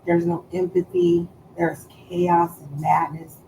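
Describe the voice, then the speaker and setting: A woman's voice: fairly low pitch, big pitch swings, slow pace, gravelly, dark tone, slight background noise, low-quality recording. A woman streaming live, chatting casually in a profane, teasing way and drawing out words for emphasis.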